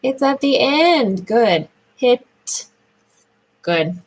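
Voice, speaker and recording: A woman speech therapist guides a young child through a sound lesson. Her voice sits a little high and swoops up and down in a sing-song way. She talks slowly, drawing words out and praising each answer. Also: sing-song, rough recording.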